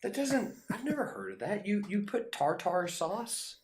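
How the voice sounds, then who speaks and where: A man's voice: high-pitched, a little slow, a little hiss or hum. A man co-hosting a casual podcast chat, incredulous and joking. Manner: incredulous, animated, jokey put-on voices. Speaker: podcast co-host.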